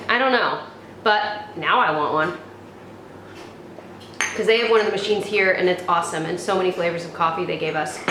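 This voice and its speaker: A woman's voice: a little high, fairly bright tone. A young woman reviewing beauty products in a casual chat, rambling with fillers and restarts. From United States. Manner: chatty, many fillers and restarts. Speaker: beauty vlogger. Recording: echoey room, faint background noise.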